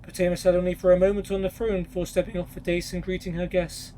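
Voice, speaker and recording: A man reading a long in-game story aloud in a steady storytelling manner, with small stumbles. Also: high voice, fast, slight background noise, low-quality recording.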